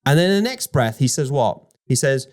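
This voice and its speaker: A man co-hosting a podcast, arguing his points in an animated way with rhetorical questions. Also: medium pitch, a little fast. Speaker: podcast co-host. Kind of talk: conversational podcast discussion.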